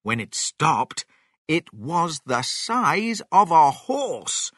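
A reader narrating a children's story slowly and expressively. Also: medium pitch, husky, no room sound, clean studio sound. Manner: slow, expressive, sing-song.

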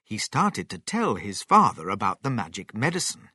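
A man reading a storybook aloud slowly and clearly, with an expressive delivery. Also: on the low side, no room sound, clean studio sound.

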